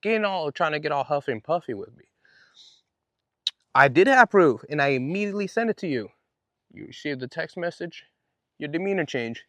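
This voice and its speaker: A man's voice: on the high side, expressive, fairly quick, pauses often, a bit bright, no echo. Fired-up man ranting on his podcast. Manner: indignant, fired-up storytelling with slang. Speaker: podcast host. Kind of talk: solo podcast monologue.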